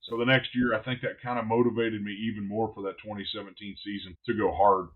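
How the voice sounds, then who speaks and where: A man who is a barbecue pitmaster, guesting on a podcast and telling stories in a blunt, animated way, swearing freely. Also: fairly low pitch, quick pace, phone-quality sound. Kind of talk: casual podcast storytelling.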